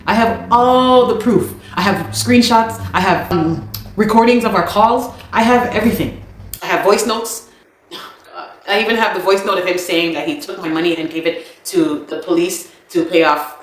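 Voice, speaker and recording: A woman's voice: on the low side, reverberant, rough recording. A woman telling her own story to camera in an emphatic, indignant way, repeating her key points.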